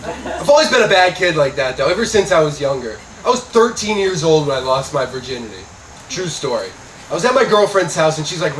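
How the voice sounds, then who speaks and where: A young man from Scranton, doing a stand-up comedy set on a club stage with deadpan delivery and loud punchlines. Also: fairly high pitch, brisk, crowd noise. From Scranton, Pennsylvania, USA. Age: young adult. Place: comedy club stage before a live audience. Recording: roomy club audio from a distance with noise.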